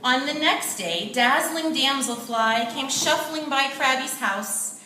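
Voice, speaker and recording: A woman narrating a children's play with lively, expressive storytelling. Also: sits high, takes it slowly. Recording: echoey room, distant mic, faint noise.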